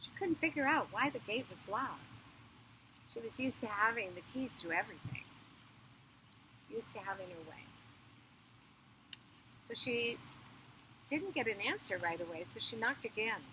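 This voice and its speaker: A woman telling a myth at an outdoor fire circle, dramatic, with loud swells in her voice. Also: on the high side, expressive, moderate pace, pauses often, background noise. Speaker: storyteller. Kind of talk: oral storytelling at a ritual.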